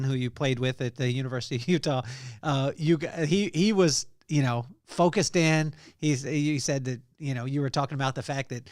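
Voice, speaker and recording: A man's voice: mid-range voice, dry recording, studio quality. A male podcast host asking an interview question, stopping and restarting often.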